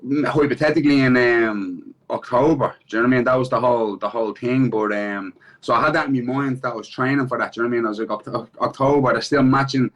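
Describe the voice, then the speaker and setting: A man's voice: mid-range voice, fast, few pauses, a bit bright, rough recording. A man with an Irish accent, an MMA fighter being interviewed in casual chat, swearing freely and repeating "do you know what I mean" between thoughts.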